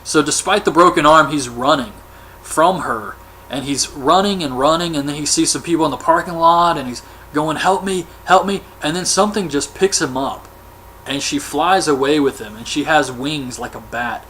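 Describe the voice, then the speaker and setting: A man's voice: on the high side, moderate pace, sharp tone, slight background noise. A man recapping a horror film in a casual, offhand way, as a movie reviewer. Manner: chatty, offhand, colloquial.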